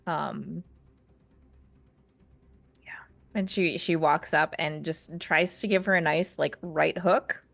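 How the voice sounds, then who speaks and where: A woman narrating as game master of a tabletop game, relaxed with many fillers. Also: low voice, slow, gravelly, long pauses, no room sound. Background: faint music.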